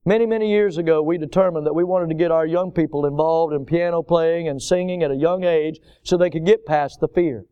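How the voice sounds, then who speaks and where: Emphatic preacher man, smooth resonant voice. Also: on the high side, steady tone, a little fast, few pauses, lo-fi sound. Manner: emphatic, repeating words for stress. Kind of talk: sermon.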